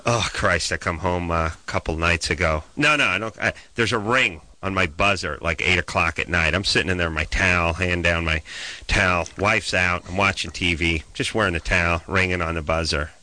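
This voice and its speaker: A man's voice: sits low, fairly quick, pushed and bright, no echo. A middle-aged man telling a story in casual comedic chat, ranting and sardonic.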